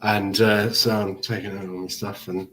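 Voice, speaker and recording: A man's voice: lowish voice, flat delivery, moderate pace, bright, forceful tone, distant mic, slight background noise, poor audio. A man telling rambling anecdotes on a podcast, chuckling as he goes. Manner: rambling storyteller, chuckles often. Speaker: podcast panelist.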